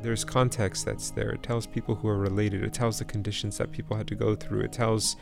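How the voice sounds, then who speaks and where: A young man from the East Bay in California, narrating his people's language history with earnest, measured reflection. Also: on the low side, flat delivery, gravelly, over music. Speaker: language teacher.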